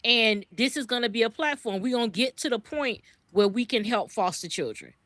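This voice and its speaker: A woman from the US East Coast co-hosts a podcast, her voice slightly high, bright, and expressive at a moderate pace in a dry recording. She delivers impassioned commentary, swearing freely and repeating words when she gets worked up.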